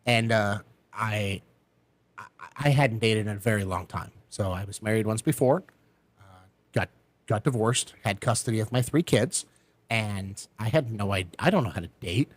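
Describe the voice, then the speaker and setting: Animated storytelling man, dry sound. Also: normal speed, no echo. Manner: animated, acts out quoted voices with big pitch jumps. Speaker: podcast guest. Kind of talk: casual storytelling.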